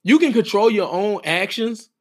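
A middle-aged man with a high voice talks in casual podcast chat. He hammers his points with emphatic, preacher-like repetition. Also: lively intonation, moderate pace, breathy edge. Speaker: podcast co-host and wedding officiant.

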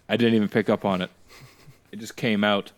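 Guy with a lowish voice rambling through a casual podcast chat, lots of likes. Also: steady tone, normal speed. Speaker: podcast co-host.

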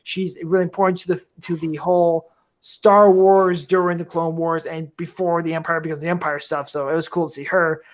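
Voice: mid-range voice, flat delivery, a little fast. A podcast host in casual fan chat, enthusiastic and rambling, often restarting phrases.

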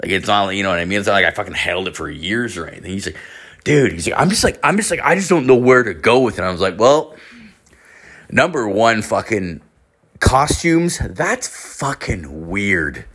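A man's voice: fairly low pitch, animated, fairly quick, fairly bright tone. A young man hosting a podcast who tells a story in a loose, rambling way, swearing often, piling on filler words and acting out other people's lines in a raised voice. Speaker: podcast host. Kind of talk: casual storytelling monologue.

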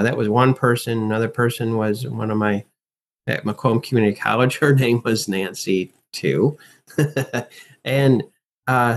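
A man talking as a guest in an interview, an acting and life coach who speaks emphatically and animatedly and teaches through rhetorical questions. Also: mid-range voice. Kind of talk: casual interview talk.

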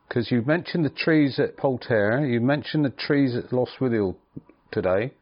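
A man's voice: mid-range voice, normal speed, lo-fi sound. A man hosting a casual podcast chat, asking dry, teasing questions. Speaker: podcast host.

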